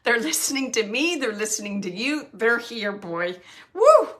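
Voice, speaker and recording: A woman's voice: fairly high pitch, expressive, normal speed, sharp tone. A woman working as a psychic medium, chatting to an online audience, laughing often and relaying messages she says she hears.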